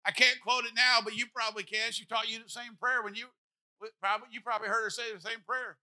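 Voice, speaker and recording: A man's voice: very high voice, little pitch movement, fast, sharp tone. A man in his forties preaching a sermon as pastor, with an impassioned, repetitive cadence. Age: 40s.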